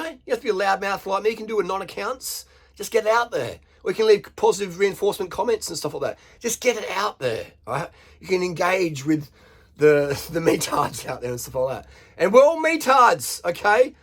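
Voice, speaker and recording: A man's voice: sits high, animated, a little fast, a bit bright, slightly rough. An Australian man ranting bluntly to camera, swearing freely and firing rhetorical questions at his viewers. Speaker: vlogger. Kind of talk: unscripted rant to camera.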